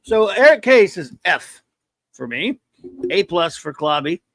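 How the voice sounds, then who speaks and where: A man's voice: high voice, very animated, unhurried, fairly bright tone, no room sound. A man hosting a casual live-stream review, rambling and joking as he reads viewer chat aloud. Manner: rambling, joking, stumbles over words. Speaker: show host reading viewer chat.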